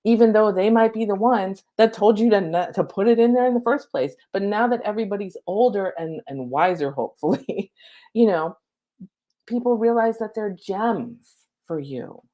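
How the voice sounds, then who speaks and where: A woman's voice: mid-range voice, animated, moderate pace, mellow. A middle-aged woman, a spiritual coach, giving a live-streamed lesson from home on her laptop mic, casual, chatty and cheerfully profane.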